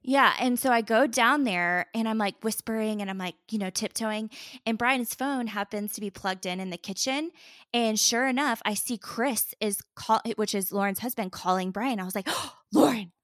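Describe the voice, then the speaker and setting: A woman's voice: on the high side, moderate pace, no echo, clean studio sound. A young woman, telling a wild story in casual chat, full of "like" and breathless asides. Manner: animated, breathless storytelling with lots of "like".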